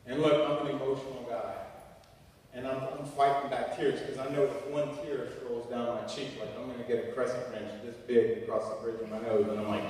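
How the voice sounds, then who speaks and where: A middle-aged man gives a humorous, animated storytelling speech to students and acts out the people he quotes. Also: medium pitch, normal speed. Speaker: guest speaker. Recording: echoey hall from far off.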